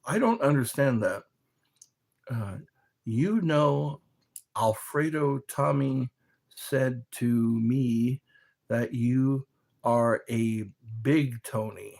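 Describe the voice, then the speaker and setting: A man's voice: medium pitch, very slow, gravelly, long pauses, a little mellow. A man in casual chat, rambling and joking as he reads questions aloud and answers them.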